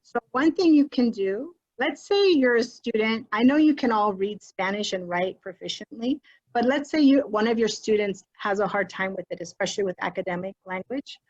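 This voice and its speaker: A woman's voice: medium pitch, normal speed, a little mellow, muffled recording. Chatty woman teacher on a video call. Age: adult with a child. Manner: chatty, encouraging, switches between English and Spanish phrases. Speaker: teacher leading a training for educators. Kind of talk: online teacher workshop. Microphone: computer mic on a video call.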